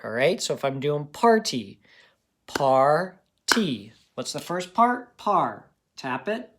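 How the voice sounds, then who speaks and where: A man teaching a phonics lesson to children, patient and encouraging, checking in often with "okay?". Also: fairly high pitch.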